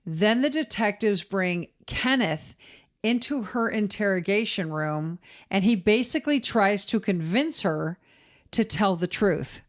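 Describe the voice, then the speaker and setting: A woman's voice: medium pitch, animated, unhurried. A woman co-hosting a true-crime podcast, casually retelling events and acting out quotes. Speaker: podcast co-host.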